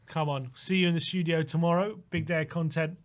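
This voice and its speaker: A man with a fairly high voice hosts a football fan show. He brings callers on with teasing, laughing banter and keeps things moving. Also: steady tone, brisk. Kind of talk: casual football chat.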